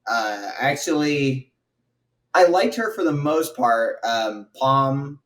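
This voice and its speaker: A man in casual podcast chat about movies, halting and filler-heavy in a mid-range voice. He sits away from the microphone, so he sounds a little distant. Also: medium pitch, animated, a bit bright. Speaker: podcast co-host. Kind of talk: casual film review chat.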